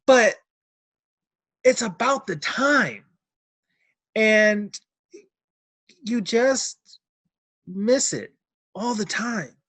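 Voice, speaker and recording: A man's voice: high-pitched, expressive, very slow, pauses often, fairly bright tone, no room sound. Earnest middle-aged man, dry close sound. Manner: earnest, heartfelt, repeats words. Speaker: interview guest, notary signing agent. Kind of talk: emotional personal testimony.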